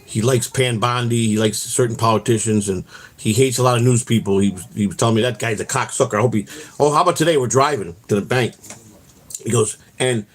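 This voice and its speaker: A man with a husky, slightly breathy voice at an everyday middle pitch tells loose, rambling stories as he walks outdoors. He swears freely, restarts his sentences often and keeps dropping in "man" and "you know". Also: fairly quick. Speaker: vlog host. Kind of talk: rambling casual storytelling while out walking. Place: outdoors on a walk.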